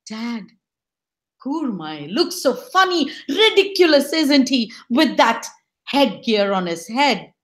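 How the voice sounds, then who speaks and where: A young princess, amused and teasing, as a woman storyteller puts her on. Her voice is high and bouncy, with slow, drawn-out phrasing. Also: big pitch swings.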